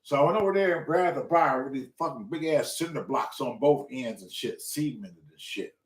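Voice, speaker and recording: A man hosting a show, telling a story in casual, profane speech and acting out the quotes. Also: moderate pace. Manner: animated, profane, acts out quotes with loud pitch jumps. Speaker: show host. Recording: echoey room.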